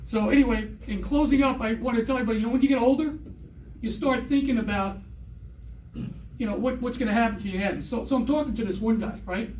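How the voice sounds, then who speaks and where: A middle-aged man with a very high voice performs a rambling stand-up comedy set on a theater stage. He is recorded from a distance in a roomy space, with faint ambience behind him. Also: quick pace, darkish tone, slight background noise. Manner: rambling, repetitive storytelling.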